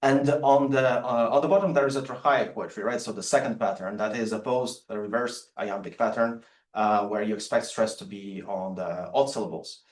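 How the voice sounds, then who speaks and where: Halting male lecturer in a roomy hall. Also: fairly low pitch, steady tone. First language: Latvian. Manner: halting, many fillers and restarts. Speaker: academic lecturer. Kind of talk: public lecture with poetry readings. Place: lecture room.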